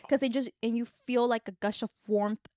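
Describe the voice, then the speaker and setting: A woman's voice: on the high side, steady tone, normal speed, darkish tone, dry recording, clean studio sound. A woman chatting on a podcast as a guest, telling personal stories and laughing often. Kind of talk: casual chat.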